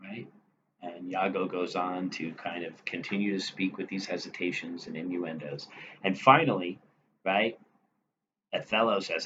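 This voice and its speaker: Man, lowish voice, literature lecture, chatty, dull lo-fi sound, faint hiss. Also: steady tone, a little slow, fairly bright tone. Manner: conversational, frequent "right?" check-ins. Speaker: teacher. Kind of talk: literature lecture reading quoted lines. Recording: dull lo-fi recording with faint noise.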